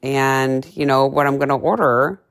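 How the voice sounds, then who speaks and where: Gravelly low-voiced brash woman coach. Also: normal speed. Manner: brash, profane, animated storytelling with playful voices. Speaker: fitness and nutrition coach. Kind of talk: casual podcast monologue.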